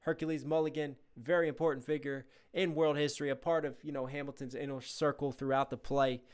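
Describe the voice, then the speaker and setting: A man's voice: a little high, a bit bright. A man hosting a reaction video, analyzing rap flows and rhyme schemes with enthusiasm and scatting the rhythms. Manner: enthusiastic, analytical, imitates flows with scat syllables. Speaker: reaction video host, rapper. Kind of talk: casual music breakdown commentary.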